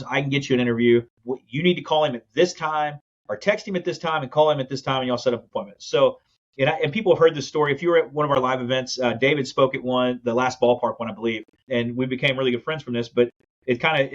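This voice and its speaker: On a muffled recording, a man of medium pitch recounts his business story as a podcast guest. He's a land investor, and his telling is quick and lively, with every quote acted out.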